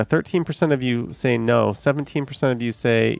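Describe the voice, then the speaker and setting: Man, live streamer, casual rambling chat, mid pitch, dry close mic, faint music behind. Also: normal speed, vocal fry, hardly any pauses, dry recording. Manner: rambling, talks to viewers and voice assistants, swears when annoyed.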